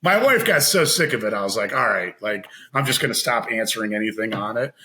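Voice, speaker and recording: A man telling a long personal story in casual chat as a podcast guest, animated and laughing, acting out what others said. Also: lowish voice, fairly quick, low-quality recording. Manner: animated, laughing, acts out quoted voices.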